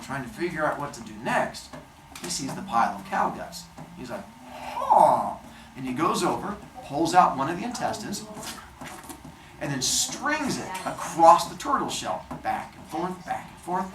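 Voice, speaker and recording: Low-voiced woman telling a lively story. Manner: lively, playful, sound effects. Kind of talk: animated storytelling for children. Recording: roomy, distant mic, faint noise.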